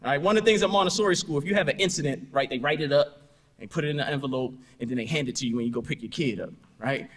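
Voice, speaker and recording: Lively keynote man in a reverberant hall. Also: fairly high pitch, very fast. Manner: conversational, tags "right?" and "you know" constantly; storytelling with punchy asides and rhetorical questions. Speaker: keynote speaker. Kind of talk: conference keynote talk.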